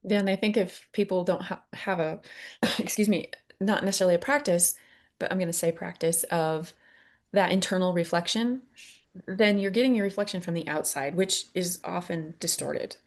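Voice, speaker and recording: Earnest podcast lady, lowish voice, gets quiet sometimes. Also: moderate pace. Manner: earnest, animated, drops to near whisper. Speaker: podcast co-host. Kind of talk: casual conversation.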